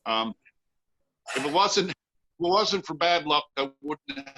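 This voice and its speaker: Canadian guy rambling thru an old story, laughing at himself, sharp bright voice. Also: fairly high pitch, animated, unhurried, slight background noise. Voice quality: chuckling, self-deprecating, rambling with restarts. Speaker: guest storyteller. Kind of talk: telling a personal anecdote to a live audience. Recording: dull lo-fi live recording.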